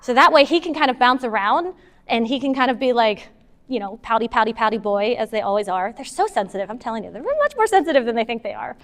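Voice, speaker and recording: A woman giving a casual, animated talk to a moms' group, taking audience questions and acting out what partners say. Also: fairly high pitch, fast talker. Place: meeting hall with an audience. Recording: long hall reverb.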